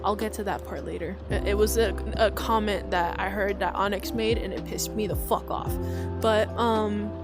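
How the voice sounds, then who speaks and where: A woman's voice: mid-range voice, fairly even intonation, normal speed, music in the background. A young woman in casual storytelling to a group, talking in a rambling, profane way with frequent restarts. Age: young adult.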